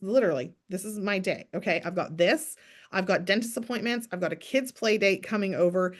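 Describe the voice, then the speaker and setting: A woman in her thirties coaching a sales team in a lively, chatty way, acting out sample messages as she goes. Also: medium pitch, fairly quick. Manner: energetic, chatty, acts out sample messages in bright voices. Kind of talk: motivational coaching talk.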